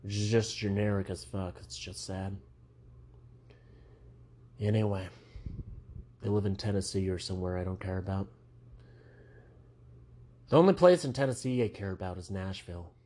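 A man's voice: low-pitched, moderate pace, long pauses, darkish tone. A young man doing a rambling stand-up monologue, meandering and self-mocking, with frequent asides. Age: young adult. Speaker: stand-up comedian.

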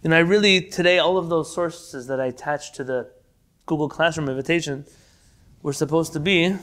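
A man's voice: on the high side, normal speed, fairly bright tone. A man teaching a Torah class as a lecture, telling stories with energy and sprinkling Hebrew terms into his English. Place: United States.

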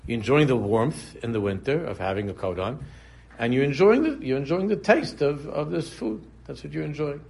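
Man, husky voice, mid pitch, casual religious class, repeats himself, humorous digressions. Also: lively intonation, normal speed, hardly any pauses, a little mellow. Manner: conversational, repeats phrases, digresses into humorous examples. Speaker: Torah teacher.

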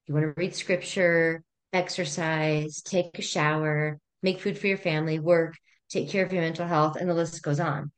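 A middle-aged woman speaking as a therapist guest on a podcast, calm and gently instructive as she walks through breathing exercises. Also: low-pitched, normal speed. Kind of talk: conversational podcast interview.

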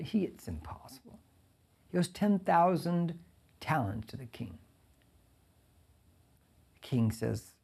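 A male pastor giving a conversational verse-by-verse sermon, reading scripture and breaking in with lively asides. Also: a little high, measured pace, gravelly, long pauses, husky. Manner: conversational, animated preaching with asides.

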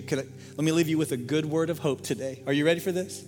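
A man, a lead pastor, preaching a sermon, swinging from hushed quiet passages to loud fervent appeals and sometimes singing a line. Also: on the high side, fairly even intonation, quick pace, hardly any pauses, long reverb tail, over music.

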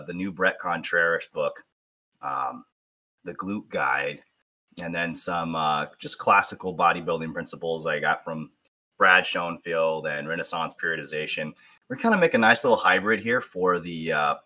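Deep, bright-voiced male fitness coach. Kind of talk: casual chat.

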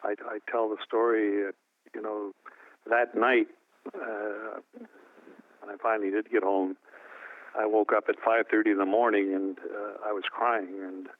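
An older man with a low voice tells a personal story in a halting way, restarting his sentences often. He is from New Brunswick, Canada. The sound is thin and phone-like, with no room echo. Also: level tone. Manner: halting, many restarts and fillers. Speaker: interview guest. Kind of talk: emotional personal recollection.

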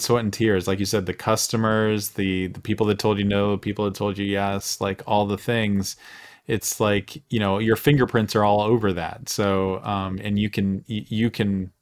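Male podcast host, low voice, halting casual delivery. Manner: halting, many restarts and fillers. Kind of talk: casual interview chat.

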